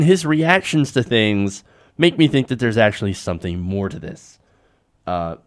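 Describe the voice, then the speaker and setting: A man hosting a live political commentary show, talking in an animated, sarcastic and indignant way. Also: medium pitch. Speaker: host.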